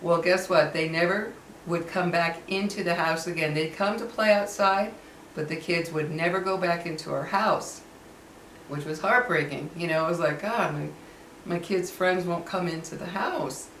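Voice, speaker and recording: A woman's voice: on the low side, normal speed, fairly bright tone, a little hiss or hum. A middle-aged woman telling a personal story in a casual, chatty way, repeating phrases and acting out what others said. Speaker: vlogger. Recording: echoey room, far from mic.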